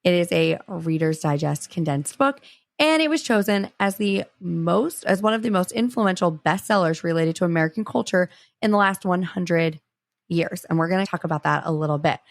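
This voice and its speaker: A woman hosting a podcast, introducing her guest with excitable, gushing chat and calling her listeners y'all. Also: lowish voice, normal speed, no room sound. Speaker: podcast host. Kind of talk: casual chat.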